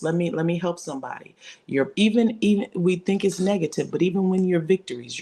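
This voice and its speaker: A woman with a lower-pitched voice preaches a fervent livestream sermon. She builds intensity through repeated phrases and call-and-response. She calls out to viewers by name and talks to herself as she goes. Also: darkish tone. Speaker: vision coach preaching to a live online audience.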